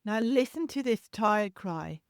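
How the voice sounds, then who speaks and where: Woman, podcast host, gentle reassuring teaching tone, imitates baby cries, dry close sound. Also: medium pitch, animated, measured pace, dry recording. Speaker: podcast host and childcare educator. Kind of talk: solo parenting podcast.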